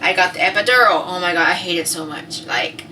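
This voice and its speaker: A woman's voice: on the low side, brisk, distant mic, a little hiss or hum, poor audio. A woman, telling a personal story to camera in casual, profane chat. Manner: chatty, swears freely, acts out quotes loudly. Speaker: vlogger.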